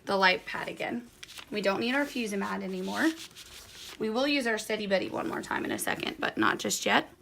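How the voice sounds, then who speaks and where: A woman teaching a quilting project step by step, her voice carrying a gravelly fry. She chats in an easy, encouraging way while her hands stay busy with the work. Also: a little high, a bit bright. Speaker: quilting instructor. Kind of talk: hands-on sewing tutorial.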